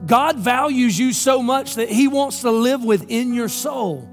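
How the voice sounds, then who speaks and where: A male pastor with a high voice delivers an impassioned, emphatic sermon. He keeps throwing rhetorical questions at the congregation, and soft music plays faintly underneath. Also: expressive, measured pace.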